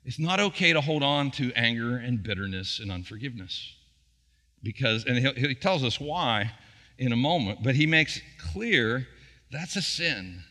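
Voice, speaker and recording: Middle-aged guy pastor preaching, asks the crowd questions, sharp bright voice, echoey church. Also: medium pitch, expressive, moderate pace. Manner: conversational preaching with rhetorical questions. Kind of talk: sermon. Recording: church hall reverb.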